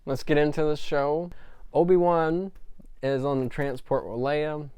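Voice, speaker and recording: A man's voice: a little high, steady tone, a little slow, warm tone, smooth, dry recording. A man reviewing a show episode in a casual, rambling recap with many fillers. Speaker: film reviewer.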